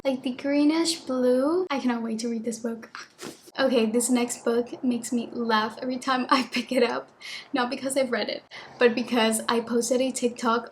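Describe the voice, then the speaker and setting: High-voiced chatty young woman vlogger. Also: a little hiss or hum. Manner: chatty, gushing, lots of "like" fillers. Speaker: book vlogger. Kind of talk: casual chat.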